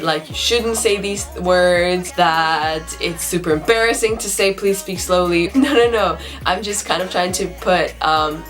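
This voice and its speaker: Young woman doing a chill language lesson, mid-pitched voice, chatty and upbeat, soft music playing under her. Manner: chatty, upbeat, repeats phrases for learners. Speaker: language tutor. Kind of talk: casual online language lesson. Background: faint background music.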